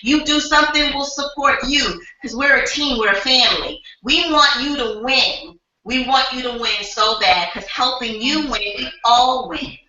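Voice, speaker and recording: A woman's voice: high voice, moderate pace, few pauses, pushed and bright. A woman giving earnest motivational advice to her team on a web call. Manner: earnest, preachy encouragement. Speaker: team leader guest. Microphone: video call. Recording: very echoey, distant, dull web call audio.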